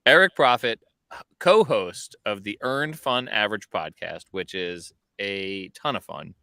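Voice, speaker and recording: A man's voice: lowish voice, measured pace, creaky, pushed and bright, clean tone, no room sound. A man co-hosting a podcast from an outdoor rooftop deck, chatting casually with self-mocking jokes over a video call. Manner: jokey, self-mocking banter. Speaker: podcast co-host. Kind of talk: casual chat.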